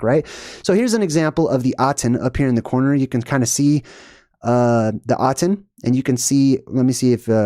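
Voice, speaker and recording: A man's voice: mid-range voice, warm tone, no echo, clean studio sound. A man hosting a video, talking casually over pictures in a rambling way, with lots of fillers and a habit of ending points with "right?". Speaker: video host. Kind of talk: casual commentary over slides.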